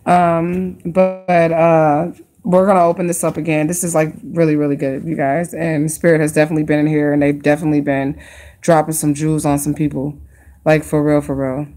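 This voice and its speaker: A woman with a lowish voice reads tarot cards for her viewers on a live stream. She is chatty and excitable, slips into casual slang, and stretches words out for emphasis. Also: a little fast. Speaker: tarot card reader hosting a live stream.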